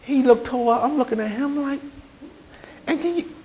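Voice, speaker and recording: A man preaching a sermon as pastor, telling stories with growing energy and sometimes shouting. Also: very high voice, moderate pace. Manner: animated storytelling, rising to shouts.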